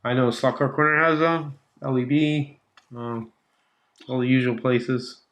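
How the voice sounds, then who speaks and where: A man's voice: medium pitch, fairly even intonation, measured pace, fairly bright tone. A man hosting a casual livestream, chatting with viewers and reading their comments, laughing often and trailing off mid-thought. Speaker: livestream host. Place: home slot car track room.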